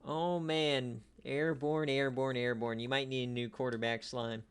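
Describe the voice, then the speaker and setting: A man hosting a league stream, giving casual, jokey play-by-play recaps that swing from low mutters to excited shouts. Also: a little slow, clear, resonant tone.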